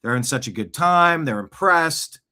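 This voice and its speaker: A man's voice: on the high side, expressive, normal speed, pushed and bright. Male host, casual rambling political commentary, talks off the cuff with asides. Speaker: show host. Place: home studio, seated.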